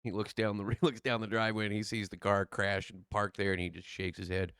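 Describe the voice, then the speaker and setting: A man in his thirties telling a casual personal story, animated and profane, swinging between loud bursts and hushed asides. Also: lowish voice, fairly quick, smooth, no room sound, studio quality.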